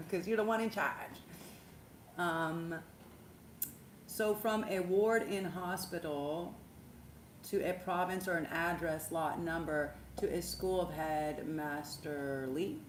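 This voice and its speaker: A woman talks loosely and animatedly on a livestream, swearing and laughing as she rambles. Her voice sits low, and the room around her rings with echo. A faint hum lingers underneath. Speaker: spiritual livestream host, tarot reader. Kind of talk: casual livestream chat. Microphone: phone.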